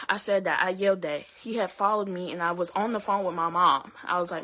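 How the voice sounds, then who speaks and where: A young woman telling her own story to her viewers, halting, with many fillers and restarts. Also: medium pitch, sharp tone. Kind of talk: emotional personal storytelling to camera.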